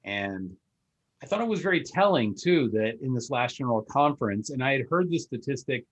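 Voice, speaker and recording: A man hosts a podcast and talks in a loose, rambling way, filling his sentences with "uh" and "um". His voice sits at an ordinary middle pitch. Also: expressive, a little fast, low-quality recording. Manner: rambling, filler-heavy. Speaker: podcast host. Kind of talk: casual interview chat.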